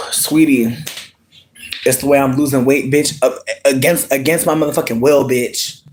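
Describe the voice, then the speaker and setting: A live streamer ranting to viewers in a loose, theatrical way, peppering every line with swearing and pet names like sweetie. The pitch leaps into squeals and then drops back, with words stretched out for effect. A faint hiss of noise sits under the voice. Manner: dramatic, expressive, swears often, calls viewers sweetie; big swings in pitch, sudden squeals and drawn-out words. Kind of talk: casual live-stream rant.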